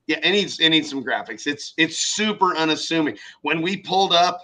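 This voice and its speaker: Male podcast co-host with a very bright, slightly high voice, who tells lively stories full of acted-out quotes. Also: moderate pace, rough recording. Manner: animated storyteller acting out quoted people, swears freely. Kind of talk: casual chat.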